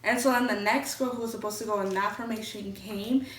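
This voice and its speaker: A woman's voice: medium pitch, fairly even intonation, a little fast. Casual young woman telling a story. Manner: candid, chatty, swears freely. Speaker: vlogger. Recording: roomy echo, from a distance.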